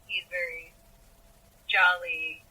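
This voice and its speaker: A woman's voice: on the low side, flat delivery, slow pace, sharp tone, breathy edge, rough recording. A woman co-hosting a podcast, chatting casually and enthusiastically about a novel, and also reading passages aloud. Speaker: podcast co-host. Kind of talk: casual book discussion.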